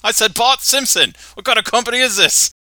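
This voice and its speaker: A man's voice: very high voice, expressive, fairly quick, dry recording, pitched above the performer's own voice, heavily acted. A man voicing a blustering, angry Australian man on the phone, with a put-on Australian accent. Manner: shouting, indignant, blustery.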